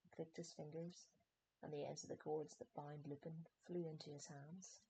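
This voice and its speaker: A woman narrating a fantasy novel audiobook in steady, measured storytelling. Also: low voice, a little hiss or hum, poor audio.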